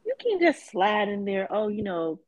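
Hoarse, teasing woman podcast host. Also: mid-range voice, normal speed, no room sound, dull audio. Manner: teasing, animated, swears. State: hoarse, recovering voice. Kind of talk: casual chat.

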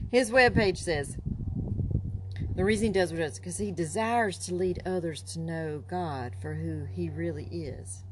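A woman's voice: fairly low pitch, measured pace, long pauses, background noise. A woman co-hosting a casual talk show, laughing often as she reads from her notes. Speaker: podcast co-host. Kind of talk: casual chat.

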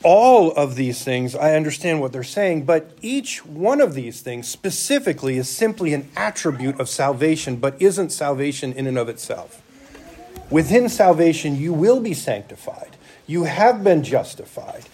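Male church elder preaching, chatty and full of rhetorical questions, fairly high voice. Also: expressive, normal speed, darkish tone. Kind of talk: sermon.

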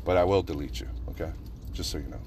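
A man's voice: deep voice, fast, background noise. A man hosting a casual podcast chat from his parked car in an empty lot, rambling, swearing freely and restarting sentences. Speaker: podcast host.

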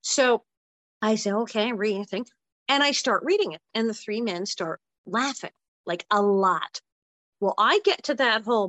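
A woman guest in an interview telling an animated story, acting out the voices of the people in it. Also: normal speed, no echo. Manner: lively, acts out quoted voices with big pitch jumps.

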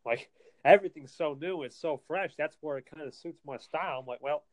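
A man's voice: on the high side, fairly quick, no room sound. A young adult man co-hosting a casual chat, upbeat and eager. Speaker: podcast co-host.

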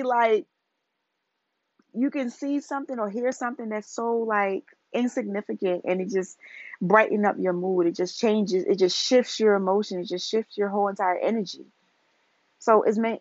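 A woman talks alone on her podcast in a relaxed, chatty way, often circling back and restarting her phrases. Her voice sits a little low. The sound is dry and a bit dull, like a modest home setup. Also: dry recording. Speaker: podcast host. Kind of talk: casual solo podcast talk.

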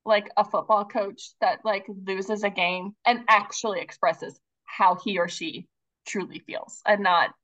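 A woman hosting a podcast interview, quick and friendly, who laughs easily. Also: medium pitch, steady tone, fairly bright tone. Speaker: podcast host. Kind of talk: conversational interview. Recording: dull lo-fi sound.

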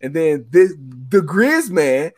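A man's voice: a little high, big pitch swings, slow pace. A man telling a casual paintball story in a profane, emphatic way. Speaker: paintball team leader.

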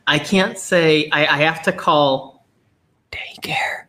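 Laid-back podcast co-host, mid pitch. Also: takes it slowly. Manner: relaxed, tells jokes, drops into whispers. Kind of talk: casual chat.

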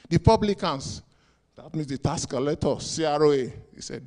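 A pastor preaching a sermon, asking rhetorical questions and bursting into sudden loud shouts. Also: male voice, fairly high pitch, lively intonation, brisk.

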